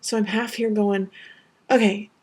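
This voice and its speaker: A woman's voice: medium pitch, fairly even intonation, normal speed, darkish tone. A young woman telling a personal story to camera, earnest and rambling with many fillers. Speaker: vlogger recounting a tornado.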